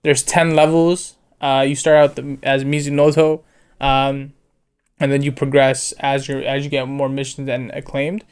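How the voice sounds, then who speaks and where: A man's voice: mid-range voice, level tone, normal speed, a little mellow, clean tone. A young man co-hosting an anime review show, chatting in a laid-back way with lots of fillers and acting out quotes. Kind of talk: casual chat.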